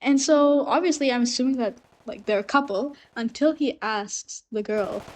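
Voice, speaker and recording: A woman's voice: a little high, normal speed, hardly any pauses, a little mellow, slight background noise. A young woman at university telling a story unscripted, rambling with many fillers and restarts, still coughing from a recent illness. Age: young adult. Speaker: university student.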